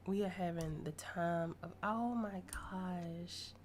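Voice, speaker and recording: A woman's voice: fairly low pitch, slow pace, a little hiss or hum. A woman hosting a gaming channel, chatting as she narrates life-sim gameplay and voices the characters in the story.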